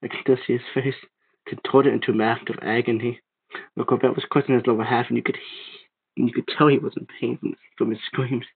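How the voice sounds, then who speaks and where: A man reading a creepypasta aloud, steady but stumbling and restarting now and then. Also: medium pitch, brisk, gravelly, breathy edge. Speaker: narrator. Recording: tinny phone-like sound.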